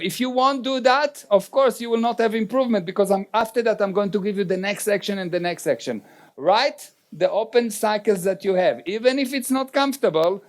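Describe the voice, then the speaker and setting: A man giving a motivational seminar talk in non-native English, direct and often checking in with the audience. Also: high-pitched. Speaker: seminar speaker.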